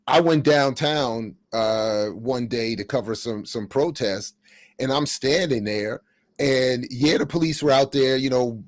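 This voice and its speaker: A man's voice: medium pitch, no echo. A middle-aged man hosting a podcast, telling a story in a casual way and acting out what people said. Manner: animated, acts out quotes while telling stories. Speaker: podcast host.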